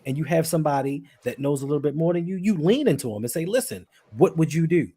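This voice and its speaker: A man co-hosting a sports podcast, talking football in an animated, argumentative way. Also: a little high, fast talker, husky. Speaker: podcast co-host. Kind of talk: casual sports talk.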